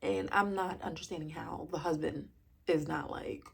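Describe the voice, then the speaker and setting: A woman chatting casually as she reviews a reality show, sassy and gossipy with animated asides. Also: sits low, moderate pace, vocal fry, husky.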